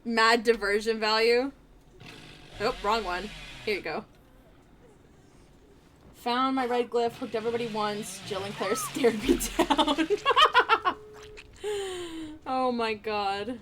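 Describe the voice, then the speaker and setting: A woman streamer commenting live on her gameplay in an excitable, playful way, laughing often and trash-talking the other players. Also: fairly high pitch, slow pace, pauses often, a little hiss or hum.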